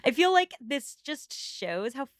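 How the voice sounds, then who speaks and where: A woman putting on a smug, gushing young society wife in a bubbly, drawn-out voice. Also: high voice, big pitch swings, no echo, clean studio sound, pitched above the performer's own voice.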